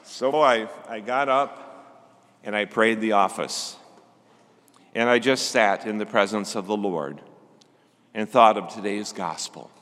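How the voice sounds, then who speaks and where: An older man delivering a gentle, reflective Sunday sermon as a preacher. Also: lowish voice, unhurried, long pauses, long reverb tail.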